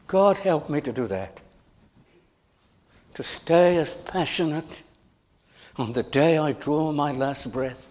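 A middle-aged male pastor preaches a sermon at an unhurried, deliberate pace. His voice sits in an ordinary middle register, earnest and emphatic, and he often repeats phrases and stumbles into restarts. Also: medium pitch, a little mellow.

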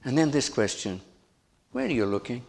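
A man's voice: medium pitch, sing-song, normal speed, vocal fry, darkish tone, a little hiss or hum. A middle-aged man preaching a sermon as pastor, earnest, repeating his phrases and stumbling over restarts.

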